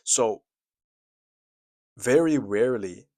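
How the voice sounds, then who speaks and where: A man's voice: mid-range voice, lively intonation, slow pace, a little mellow, no room sound. A young man in his twenties giving casual, earnest advice straight to camera, with lots of "like" and "you know" and repeated phrases for emphasis. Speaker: self-improvement video creator. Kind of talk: casual talking-head advice.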